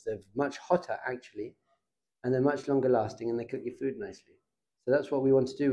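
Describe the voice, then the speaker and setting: A middle-aged man, a rabbi, giving an informal Torah class in a lively, conversational way and putting questions to his students. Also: mid-range voice.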